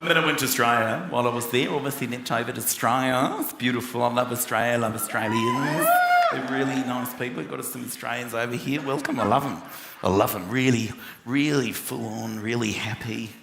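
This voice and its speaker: A man's voice: mid-range voice, brisk, vocal fry, heavy background noise. A man performing stand-up comedy, telling stories animatedly and acting out characters. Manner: animated storytelling, acts out characters. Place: large theatre stage. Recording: echoey theatre with loud crowd laughter.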